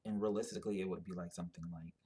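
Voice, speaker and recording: A man's voice: low voice, steady tone, rapid-fire, mellow. A man giving a casual explanatory monologue, rambling and thinking aloud with many fillers and restarts. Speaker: commentator on genetic ancestry.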